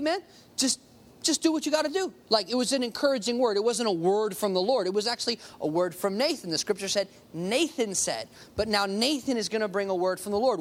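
A preacher reading scripture aloud and explaining it in a casual, conversational way, slowing down to stress key words. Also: medium pitch, a bit bright. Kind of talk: sermon with Bible reading.

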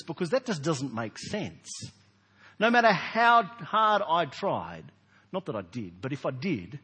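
A man, preaching a sermon in a large church in a lively, conversational way with rhetorical questions. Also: a little high, breathy edge. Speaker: pastor. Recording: long hall reverb.

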